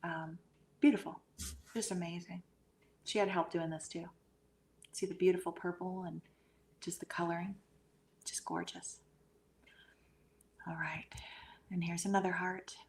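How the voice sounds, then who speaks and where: A woman talking in a relaxed, gushing way about pictures and energy, speaking over a remote call. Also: fairly low pitch, a little slow, pauses often. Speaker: guest medium. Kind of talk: casual podcast chat.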